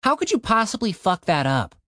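Brief: a man playing a fed-up party leader, higher and lively, curt and swearing. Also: fairly quick, no echo, clean studio sound, heavily acted. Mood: exasperated. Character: bossy, exasperated young male party leader.

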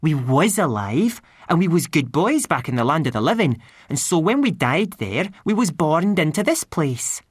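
A woman's voice: low-pitched, very animated, moderate pace, hardly any pauses, slightly rough, no room sound, studio quality, voice pushed up, exaggerated voice. Rob Anybody: a woman doing a hearty Scottish pixie chief. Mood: cheerful. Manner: hearty, boisterous, cheerful. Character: cheerful tiny blue pixie clan chief, male.

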